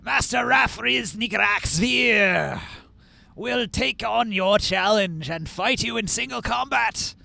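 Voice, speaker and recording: A man voicing a bugbear clan's bard and announcer, who makes slow, loud, formal proclamations. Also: high-pitched, lively intonation, creaky, no room sound, pitched above the performer's own voice, heavily acted. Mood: proclaiming.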